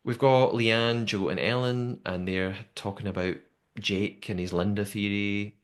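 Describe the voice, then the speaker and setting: A young man hosting a podcast, chatting casually and telling the story in a lively way with lots of fillers. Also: on the low side, measured pace. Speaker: podcast host. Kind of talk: casual recap chat.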